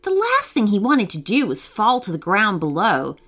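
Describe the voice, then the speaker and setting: A woman narrating a children's story in a gentle, expressive way, voicing the children as she goes. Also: medium pitch, normal speed.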